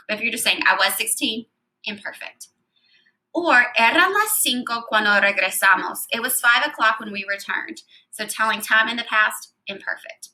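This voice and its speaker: A woman's voice: on the high side, bright, forceful tone, low-quality recording. A woman teaching a Spanish grammar lesson, explaining patiently step by step and reading out verb endings one at a time.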